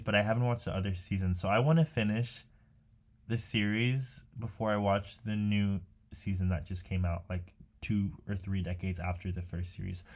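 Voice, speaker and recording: A man's voice: lowish voice, a little mellow. A young man rambling casually to himself while painting, chatty and meandering with many fillers and restarts. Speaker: art vlogger.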